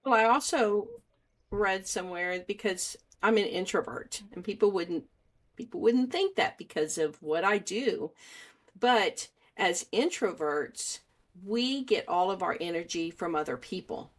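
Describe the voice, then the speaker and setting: A woman's voice: mid-range voice, animated, a little slow. A middle-aged woman hosting a podcast, talking in a reflective, hesitant way with restarts. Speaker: podcast host. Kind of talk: casual conversational interview.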